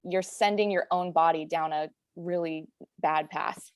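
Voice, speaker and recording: A woman in her late twenties, a guest in a recorded conversation, frankly and earnestly tells her own story, using lots of "like" and "you know." Her voice sits low with a steady tone and an unhurried pace, captured in studio quality with no room sound.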